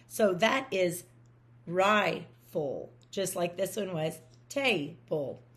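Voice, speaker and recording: A woman with a fairly low voice teaches a phonics lesson for parents. She explains patiently and step by step, slowing down to count letters aloud. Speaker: reading teacher.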